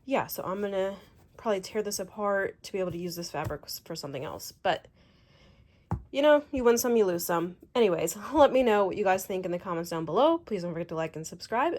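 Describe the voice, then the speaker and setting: A woman's voice: medium pitch, darkish tone, a little hiss or hum. A woman hosting a sewing vlog and chatting casually, exasperated and laughing at her own mistakes. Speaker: sewing vlogger. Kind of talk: casual chat.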